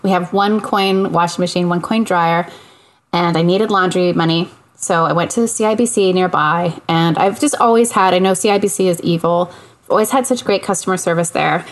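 A woman from Canada telling a funny story in casual chat, animated, acting out the people she quotes and laughing often. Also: lowish voice, a little fast. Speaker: podcast co-host.

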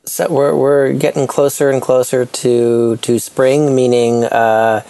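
A speaker in casual podcast chat, joking in a relaxed way. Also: mid-range voice, slow pace, clear, resonant tone, no room sound.

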